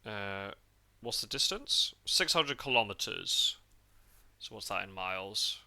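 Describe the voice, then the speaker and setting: Podcast host from the UK, man, very bright, lowish voice, loose rambling chat. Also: animated, unhurried, vocal fry. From United Kingdom. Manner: chatty, rambling, full of fillers and restarts. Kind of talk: casual chat. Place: parked car.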